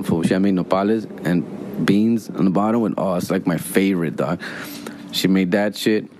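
A forty-year-old man rambles through a story, swearing freely and loaded with slang. His voice sits on the low side and stays loose and casual. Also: a little mellow, slight background noise. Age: 40s.

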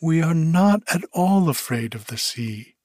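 Man reading a pleading storybook monkey, voice pitched up high, dry sound. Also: animated, measured pace, darkish tone, no echo. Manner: pleading and earnest. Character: eager young male monkey companion, pleading.

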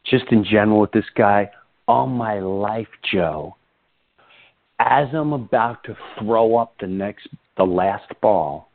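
A man hosting a podcast, telling an animated story full of quoted dialogue in an excited, breathless way. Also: fairly low pitch, slow, creaky. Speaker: podcast host. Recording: tinny phone-line sound.

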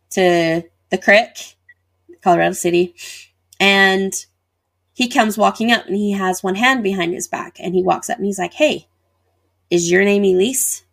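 A woman speaks as an interview guest, telling a personal story in vivid detail. She slips into the voices of the people involved as she recounts what they said. Her voice sits at an ordinary middle pitch for a woman. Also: fairly bright tone. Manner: vivid retelling with acted-out dialogue.

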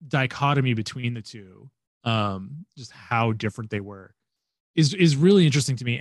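A young man rambling through a casual fan chat on a podcast, full of fillers and restarts. His voice sits at an ordinary middle pitch. It is recorded close and dry, with no room sound. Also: no room sound. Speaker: podcast co-host.

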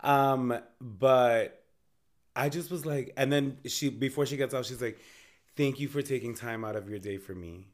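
A man's voice: mid-range voice, moderate pace. A man in his thirties co-hosting a podcast, telling stories in a casual, profane, jokey way. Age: 30s. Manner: animated storytelling, profane, jokey. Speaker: podcast co-host. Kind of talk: casual chat.

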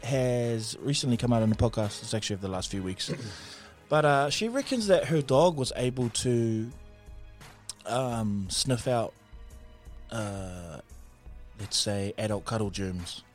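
A man with a New Zealand accent co-hosting a podcast, telling stories in a laughing, animated way. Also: mid-range voice, unhurried, soft background music. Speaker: podcast co-host. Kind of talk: casual chat.

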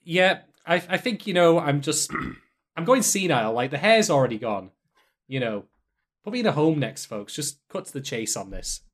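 A man's voice: on the high side, very animated, normal speed. A man co-hosting a casual anime recap, making dry, self-deprecating asides. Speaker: podcast co-host.

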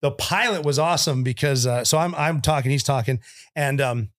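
A man's voice: mid-range voice, fairly quick. A man who is a military veteran, telling war stories in casual conversation, in a blunt and profane way and acting out other people's voices. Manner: acts out voices in anecdotes.

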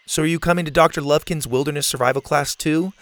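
A blunt, confident young girl camper speaks straight to the point, as a male narrator puts her on. The voice is lifted high above his own. The storybook reading sounds close and dry. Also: steady tone, fast, a bit bright, dry recording, close to an everyday voice. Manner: blunt and direct.

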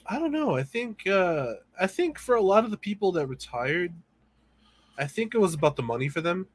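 A man's voice: high voice, sing-song, normal speed, no echo. A man co-hosting a casual chat, joking around and slipping into playful impressions. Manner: jokey, slips into playful impressions. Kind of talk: casual banter.

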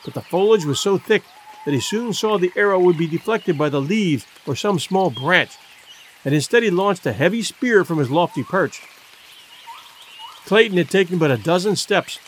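Expressive male audiobook narrator. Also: sits high, moderate pace, slight background noise. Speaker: audiobook reader. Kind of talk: scripted narration.

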